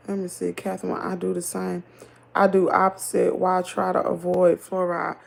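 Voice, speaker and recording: A middle-aged woman with a Southern American accent chats casually on her livestream, greeting viewers and answering their comments. Her voice is gravelly and a little husky. She talks in a loose, animated way and laughs easily. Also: lowish voice, normal speed. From Southern United States. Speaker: livestream host. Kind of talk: casual live chat reading comments.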